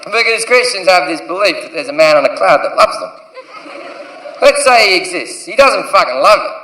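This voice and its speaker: Stand-up: crude, provocative man, bright high voice, roomy live hall. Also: lively intonation, normal speed, recorded from a distance, slight background noise. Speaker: stand-up comedian. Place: large comedy venue. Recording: echoey live comedy hall from afar.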